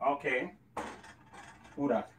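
A man's voice: mid-range voice, slow pace, a little hiss or hum. A man with a Jamaican accent co-hosting a live home cooking show, teasing his partner and laughing. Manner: teasing, dry, laughs often. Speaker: co-host. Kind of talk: casual live cooking chat.

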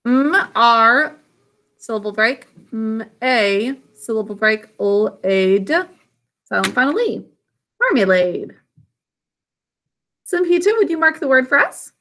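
A woman with a fairly high, bright, forceful voice speaks slowly and expressively. Over a video call, she teaches children a spelling lesson, patiently sounding words out syllable by syllable.

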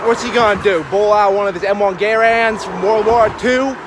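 A man acting as a hot-tempered young man who curses and blusters, with a fairly high voice. He talks over heavy car noise. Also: fairly even intonation, normal speed, natural voice. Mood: blustering. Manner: loud, cursing, blustering.

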